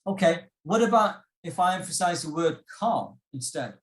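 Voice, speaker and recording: A man with a somewhat high voice teaches an online exam-prep class. He explains patiently, with plenty of fillers and restarts, and keeps asking the class questions. His voice sounds echoey, as if from a bare room over a video call. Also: expressive, moderate pace, few pauses. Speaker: IELTS workshop instructor. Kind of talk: online lesson.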